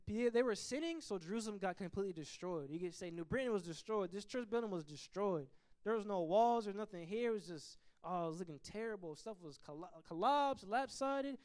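Guy teaching bible study, fairly high voice, smooth and clear, gets animated. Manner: animated, acts out biblical figures in quick asides.

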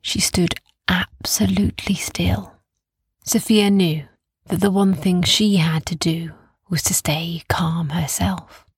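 A woman narrates a bedtime story slowly and soothingly, often slipping into a whisper and repeating calming phrases. Her voice is very husky and gravelly, slightly low, captured close and dry with no room around it.

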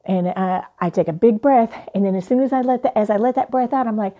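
A young adult woman, a life coach, telling a personal story in an animated, playful way. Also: mid-range voice, quick pace, hardly any pauses, narrow, tinny audio.

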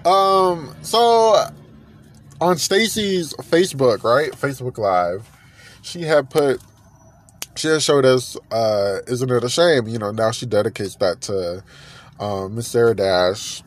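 A man hosting a podcast, chatting in a gushing, animated way and repeating himself often. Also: mid-range voice, takes it slowly. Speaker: podcast host. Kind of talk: casual music gossip chat.

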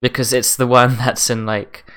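A young man with an English accent hosts a relaxed podcast chat. His voice is smooth and clear, and he often stammers on the first word of a sentence. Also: mid-range voice, moderate pace. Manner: stammering, laughs easily. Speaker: podcast host. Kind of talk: casual chat.

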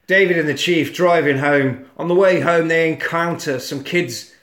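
A man tells a story in a casual, animated way, swearing freely and putting on silly voices. His voice sits fairly high. The room around him is echoey. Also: moderate pace. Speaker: podcast co-host. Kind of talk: casual chat, retelling a film plot.

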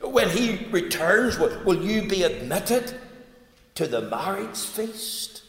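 Male preacher, higher voice, booming hall reverb, emphatic sermon delivery. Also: sing-song, takes it slowly. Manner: fervent, swings from loud emphatic cries to low earnest tones. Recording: echoey hall sound.

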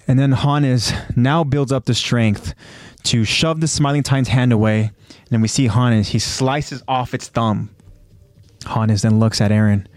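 A man retelling an episode in a casual, excited recap. He speaks at a middle pitch with loose fillers and keeps getting ahead of himself. The recording is dry and close. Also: dry recording. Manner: animated, quick to jump ahead, loose fillers. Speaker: co-host recapping an anime.

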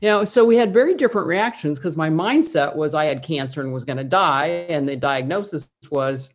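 A woman's voice: low voice, expressive, brisk. A woman from Indiana, a guest telling a personal story in a conversation, earnest, with frequent restarts and fillers. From Midwest US, Indiana.

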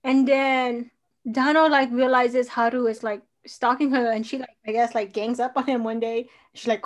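High-voiced young woman, chatty. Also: normal speed. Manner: chatty, filler-heavy storytelling. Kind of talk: casual chat recapping a TV drama.

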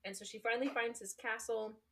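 A young woman co-hosts a podcast in a fairly high, fairly even voice and speaks briskly. She casually retells a story full of "like" and other fillers, laughing often.

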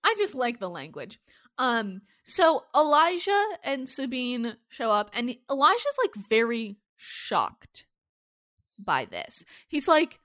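A woman podcast host talks through a show's episode in loose, casual chat. Her voice sits on the higher side, animated and full of casual swearing. The sound is dry, with no room around it. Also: slow pace, no echo. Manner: animated, swears freely, acts out characters' lines.

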